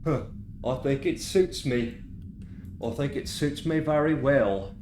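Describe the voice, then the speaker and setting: A man's voice: medium pitch, takes it slowly, a little mellow, reverberant, a little hiss or hum, close to an everyday voice. A man voicing a greedy male goblin who muses smugly.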